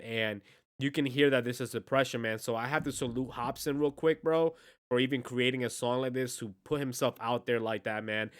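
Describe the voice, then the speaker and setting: Medium-pitched with a fairly bright tone, this reaction-video host gets emotional over the song. He chats in earnest slang, working "bro" and "man" in again and again.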